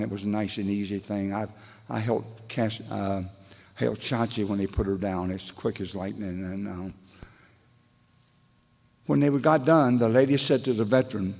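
A man's voice: on the low side, creaky, a little mellow, in a large hall. A man sharing at a recovery meeting, telling stories in a rambling, folksy way with casual grammar. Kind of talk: storytelling share at a meeting.

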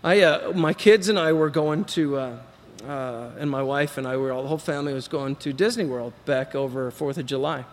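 A middle-aged Texan man tells his recovery story to a group in a large hall, his mid-range voice moving briskly. He rambles, acts out what people said, and pokes fun at himself.

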